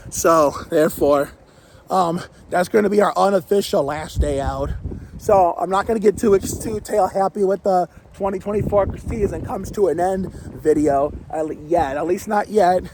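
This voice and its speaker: A man with a sore throat and a raspy edge talks to his vlog audience in a loose, rambling way, often restarting his sentences. His voice sits fairly high for a man. He is recording outdoors, with clear wind and traffic noise behind him. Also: darkish tone, low-quality recording. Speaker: vlogger. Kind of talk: casual vlog talk.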